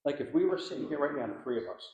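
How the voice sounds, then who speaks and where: A man's voice: fairly high pitch, animated, racing, a little mellow. A man from Philadelphia, a paranormal investigator, chatting casually and animatedly in an interview, slangy and calling people dude. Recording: echoey room, dull sound.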